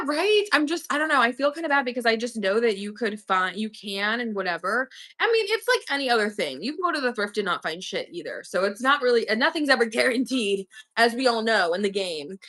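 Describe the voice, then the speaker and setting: A woman's voice: a little high, pushed and bright. A young woman chatting casually with viewers on her own livestream, slangy and talkative. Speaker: online reseller hosting a livestream.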